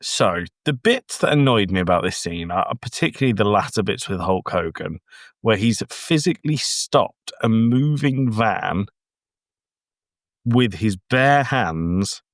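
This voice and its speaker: Male co-host with a low voice, griping about a bad film and swearing freely, dry close-miked sound. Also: lively intonation, measured pace, no echo. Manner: exasperated ranting with frequent swearing. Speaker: podcast co-host. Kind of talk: casual chat reviewing a film.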